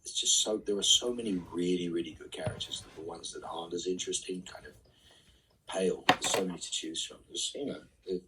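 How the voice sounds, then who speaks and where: A man reading fan questions aloud and answering them casually in a live online Q&A, often trailing off into soft asides. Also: low-pitched, steady tone, a little fast, distant mic, background noise.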